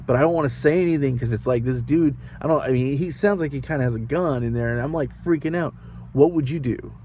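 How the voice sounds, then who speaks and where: Male rideshare driver, vlog storyteller, mellow, rambly and nervous, rhetorical questions to camera. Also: medium pitch, fast, slight background noise. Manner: rambling, anxious, asks the viewer rhetorical questions.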